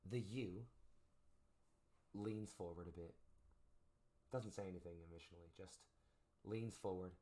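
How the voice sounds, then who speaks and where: Game master, deep voice, animated scene-setting narrator for a tabletop game. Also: male voice, measured pace, long pauses. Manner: descriptive, animated narration with fillers.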